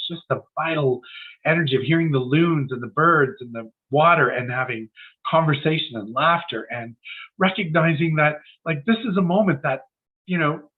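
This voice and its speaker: A man's voice: medium pitch, narrow, tinny audio. A man giving a casual, encouraging mid-week sermon in a conversational, anecdotal way. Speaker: spiritual centre speaker.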